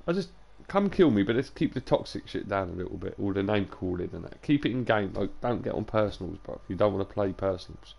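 A young man with a low, gravelly voice rambles casually to his live stream audience. He is tired and talks loose and sweary between bits of gameplay. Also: fast, few pauses, darkish tone. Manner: loose, sweary banter to chat, drifting into sing-song and whispers. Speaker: game streamer.

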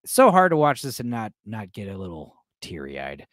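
A man's voice: fairly low pitch, huge pitch swings, normal speed, no room sound, clean studio sound. A man hosting a casual watch-along, joking and rambling to his chat with many fillers. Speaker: host reacting to a film for a live chat.

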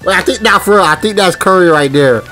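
A man giving casual let's-play commentary as he plays a game, with loud excited reactions and slangy banter. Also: high voice, fast. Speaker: gaming YouTuber. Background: game music.

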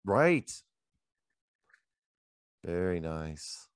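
Animated man host, low dry voice. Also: extremely slow, clean tone, no echo. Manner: animated, rambling anecdotes with repeated "he goes". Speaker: show host. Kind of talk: casual storytelling chat. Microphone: handheld microphone.

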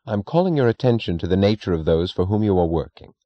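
A man reading as a calm, probing aristocrat. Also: low-pitched, fast, dry recording. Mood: composed. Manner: calm, quietly composed. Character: composed, probing young male aristocrat. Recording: dry, dull lo-fi recording.

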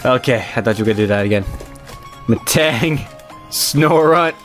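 A man co-hosting a casual card-opening chat, excitable and quick to laugh and groan. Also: mid-range voice, soft background music. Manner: excitable, laughs loudly and groans at his co-host's jokes. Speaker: co-host opening trading cards.

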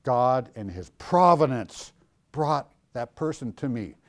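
Animated man preaching to students. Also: slow. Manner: animated, acts out quoted voices with big swings in pitch and loudness; jokey, self-mocking storyteller. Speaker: pastor. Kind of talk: teaching a class on Christian doctrine. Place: classroom or church hall with students.

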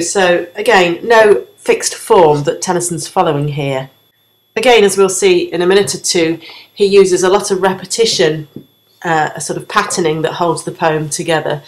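Female teacher, low-pitched and explanatory, exam revision lesson in a reverberant room. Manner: clear, explanatory, sings out the rhythm.

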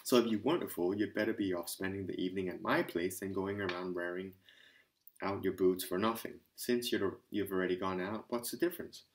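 A man voicing a hearty, impatient young man who lectures and scolds loudly. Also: sits low, a little fast, close to an everyday voice. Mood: scolding. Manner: blustering, hectoring.

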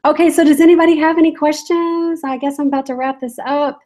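A chatty woman with a slightly high voice, talking casually to viewers on a live stream from home. She giggles often and reads comments aloud as she goes. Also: steady tone, fast talker, a little mellow, poor audio. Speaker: reseller vlogger. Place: home, in a room with barking dogs.

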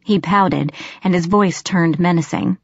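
Female audiobook narrator, first person; lower voice, tense and sharp-edged, close dry recording. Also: unhurried, creaky, breathy edge, dry recording. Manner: tense storytelling, sharp snapping in dialogue. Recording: slightly dull lo-fi audio.

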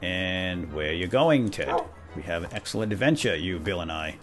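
Casting note: a man as a fussy, bumbling knight, lively up-and-down delivery, lowish voice, soft music behind. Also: moderate pace. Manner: playful, bumbling knight persona talking to his animals. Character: bumbling self-important male knight, fussy and flustered. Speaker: role-play gamer narrating in character. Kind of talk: comedic in-character role-play. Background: faint background music.

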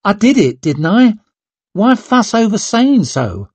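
A man's voice: on the high side, big pitch swings, a little slow, darkish tone, slightly rough, no room sound, voice pushed up, full character voice. A man voicing a blunt, cheeky young woman in an audiobook, teasing and plain-spoken.

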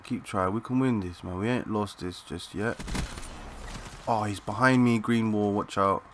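Excitable young man narrating his gameplay. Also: on the low side, unhurried, a little hiss or hum. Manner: excitable, swears, talks to teammates in slang. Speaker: gaming channel host. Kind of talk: live gameplay commentary.

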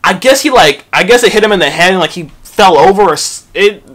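A young man recounts a school story for his vlog, swearing freely and jumping into lively acted-out quotes. His voice sits a bit higher than most men's. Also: fairly quick. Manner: profane, animated retelling with acted-out quotes. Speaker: vlogger.

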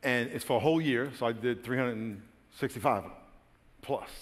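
A man pastor telling a funny personal story in a sermon, acting out his own frantic lines with bursts of shouting and laughter. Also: mid-range voice, fairly quick, in a large hall. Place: large church auditorium.

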